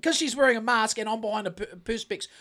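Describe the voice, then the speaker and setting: A man's voice: high voice, quick pace, pushed and bright. A man with a New Zealand accent, co-hosting a casual podcast and telling stories in a profane, ranting way. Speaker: podcast co-host.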